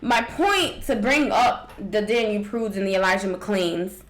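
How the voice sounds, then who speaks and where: A woman's voice: medium pitch, lively intonation, a little slow, echoey room, low-quality recording. A woman hosting a commentary vlog who talks straight to her viewers, raw and emphatic, with casual slang and features. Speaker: vlog host.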